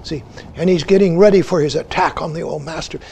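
An older man, a Zen teacher giving a dharma talk, who keeps saying "see" and slips into hushed tones as he tells a story. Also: fairly high pitch, gravelly, a little hiss or hum. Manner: says "see" again and again, slow and deliberate; drops to hushed whispers when retelling a story.

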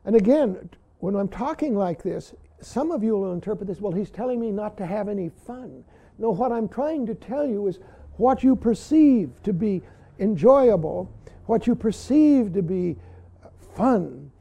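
A man giving a dharma talk to his students, often saying "see" and pausing for emphasis. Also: sits high, gravelly, warm tone. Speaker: Zen teacher.

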